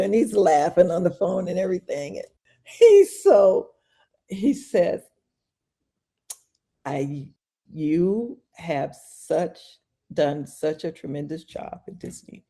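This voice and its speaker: An older woman tells a story with gusto, her voice gravelly and warm-toned. She acts out the voices of the call and shrieks her exclamations. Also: fairly low pitch, slow. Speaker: podcast guest. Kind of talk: animated storytelling.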